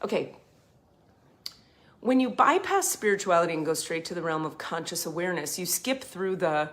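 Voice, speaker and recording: A woman in her thirties talks through spiritual ideas in loose, unscripted chat. She is passionate and blunt, curses freely, and drops from emphatic bursts into quieter asides. Her voice sits at a middle pitch for a woman. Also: lively intonation, normal speed. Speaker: spiritual advice host. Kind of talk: casual spiritual talk, unscripted.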